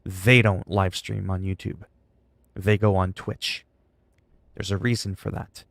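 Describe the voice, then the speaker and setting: A man's voice: sits low, level tone, measured pace, creaky, fairly bright tone, no echo. A man livestreaming from his computer, venting in a frustrated, sarcastic way during casual stream chat.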